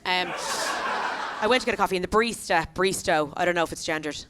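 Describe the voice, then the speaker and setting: A woman in her thirties with an Irish accent, performing a chatty, animated stand-up set on a comedy club stage, tossing quick asides to the crowd. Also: lowish voice, background noise. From Ireland. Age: 30s.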